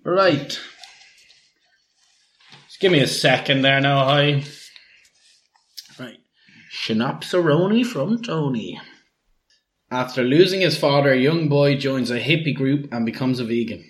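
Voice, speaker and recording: A man's voice: medium pitch, a little slow, pauses often. A man co-hosting a podcast, giving short offhand answers and laughing often. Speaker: podcast co-host. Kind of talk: casual chat.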